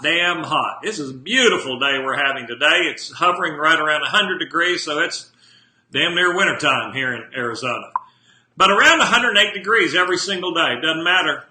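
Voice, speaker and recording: A man's voice: a little high, sharp tone, roomy sound. A man speaking as a motivational speaker in a live video monologue from his home office, talking bluntly and emphatically and putting direct questions to his viewers.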